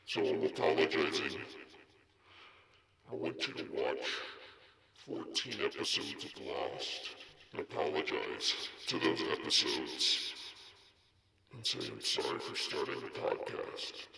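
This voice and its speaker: A very low, gravelly voice comes through a voice changer, as a man puts it on. He speaks slowly in broken, caveman-like phrases. It sounds echoey and distant, with a crowd behind. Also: heavily acted. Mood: mock-sorry. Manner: slow, broken caveman-like talk.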